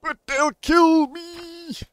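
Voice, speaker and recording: A man voicing a frightened old-west male pastor, speaking slowly in a high, pleading voice. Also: steady tone, fairly bright tone, heavily acted. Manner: slow, high, pleading delivery.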